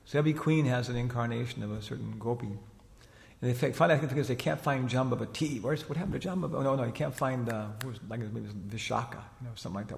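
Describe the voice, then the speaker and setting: A man's voice: mid-range voice, fast talker, gravelly, darkish tone. A man giving an informal religious lecture in a chatty, rambling storytelling manner, with frequent filler phrases. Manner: chatty and rambling, many "you know" fillers, laughs while retelling. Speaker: spiritual teacher giving a lecture. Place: lecture hall in Dallas. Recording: long hall reverb.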